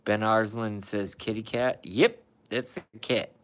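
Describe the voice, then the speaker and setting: A man's voice: lowish voice, fairly even intonation, measured pace, a bit bright. A tired man who has been up all night, chatting casually and profanely on a live stream, rambling and talking to his cat and viewers.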